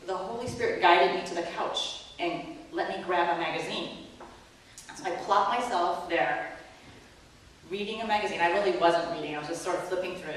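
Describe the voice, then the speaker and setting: A woman elder telling a story as she preaches, animated and self-mocking, acting out the lines of others. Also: mid-range voice, a little hiss or hum. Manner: animated, self-mocking storyteller who laughs and acts out quotes. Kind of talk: sermon storytelling. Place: church hall. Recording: echoey church hall from far off, faint ambience.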